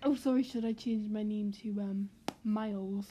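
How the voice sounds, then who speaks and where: A woman's voice: fairly high pitch, fairly even intonation, fairly quick, warm tone, a little hiss or hum. A young woman cohosting a casual podcast over a video call, dry and sarcastic.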